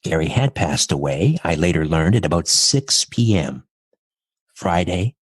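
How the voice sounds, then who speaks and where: A man's voice: low-pitched, big pitch swings, unhurried, husky, no room sound, clean studio sound. A middle-aged man, a podcast guest, telling a personal story in an earnest, reflective way, step by step.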